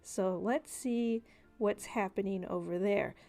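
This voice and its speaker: A woman's voice: medium pitch, takes it slowly, warm tone, soft background music. Casual woman narrating as game master. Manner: casual, filler-heavy narration.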